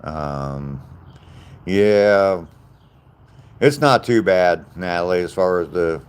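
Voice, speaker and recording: Deep-voiced older man. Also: animated, slow pace, clean tone. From Southern US. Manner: plain-spoken, answers viewer comments directly. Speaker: live streamer. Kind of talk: casual live-stream chat.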